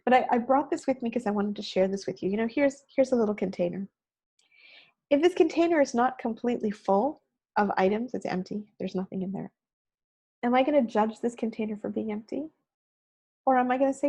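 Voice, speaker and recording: A woman with a fairly high voice gives a heartfelt keynote talk. Her tone is mellow and a little breathy, and she speaks earnestly and conversationally, as if confiding in the audience. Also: lively intonation, moderate pace. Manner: earnest, conversational, personal, frequent "you know". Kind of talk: motivational talk recorded on video.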